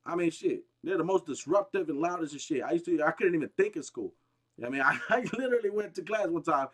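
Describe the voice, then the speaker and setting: Fast-talking high-voiced man ranting. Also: animated, fairly bright tone. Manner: profane, repetitive, restarts often; agitated, emphatic outbursts. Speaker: gaming streamer. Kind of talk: heated rambling rant on a livestream.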